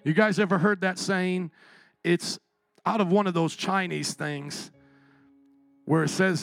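A man preaching a sermon as pastor, impassioned, swinging from quiet and tender to shouting. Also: high-pitched, fairly even intonation, unhurried, gravelly, long pauses, dry recording, soft background music.

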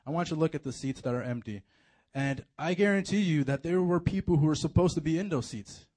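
A man preaching a casual, animated sermon to a youth group, full of slang and fillers. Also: fairly high pitch, quick pace. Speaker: youth pastor.

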